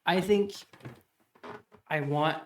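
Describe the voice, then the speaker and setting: A man's voice: on the high side, drawn-out words, distant mic, slight background noise. Man, podcast co-host, casual brainstorming, thinks aloud, echoey room.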